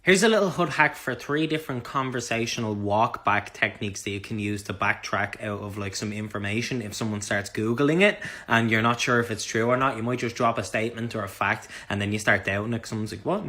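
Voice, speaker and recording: A young man with an Irish accent and a bright, forceful voice delivers deadpan comic advice. He sounds mock-serious and swears casually as he goes. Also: lowish voice, a little fast, hardly any pauses. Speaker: comedy sketch creator.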